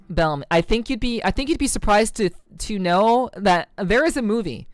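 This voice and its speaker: A woman's voice: mid-range voice, animated, normal speed, hardly any pauses, dry recording, faint music behind. A woman streamer chatting casually with her viewers, rambling with many fillers and restarts and swearing freely. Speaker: VTuber streamer. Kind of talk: casual stream chat reading comments.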